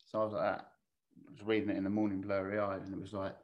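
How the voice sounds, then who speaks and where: Male podcast guest, low voice, candid and chatty, swears freely, restarts often as he tells his story. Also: completely flat delivery, fast, long pauses. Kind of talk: casual anecdotal storytelling.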